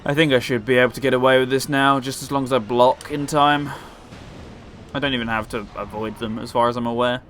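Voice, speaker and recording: A man's voice: mid-range voice, fairly even intonation, brisk, a bit bright, a little hiss or hum. A man giving casual, joking commentary while playing a video game, chatting to his viewers. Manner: joking and chatty, laughs often.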